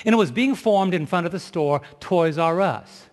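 A man's voice: high voice, expressive, a little fast, hardly any pauses, fairly bright tone, in a large hall. A man preaching a sermon, telling a story with emphasis and asking the audience questions.

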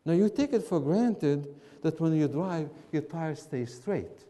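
A man, teaching a class in an emphatic, animated way and repeating his points. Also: a little high, unhurried, in a large hall. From Syria. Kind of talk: classroom lecture with banter.

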